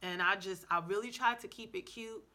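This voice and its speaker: A woman talks straight to her viewers in a casual vlog, sassy and chatty, with quoted asides thrown in. Her voice sounds bright and clear, sitting at a middling pitch. She keeps restarting her sentences and filling gaps with ums. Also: normal speed. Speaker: language-learning vlogger. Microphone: camera mic, indoors before a backdrop.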